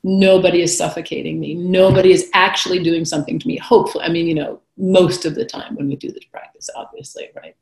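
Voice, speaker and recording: A woman with a low voice speaks as an interview guest, reflective and personal. She moves between lively retelling and soft, near-whispered passages. The room around her is echoey. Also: fast, gravelly, hardly any pauses. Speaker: guest author. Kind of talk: conversational interview talk.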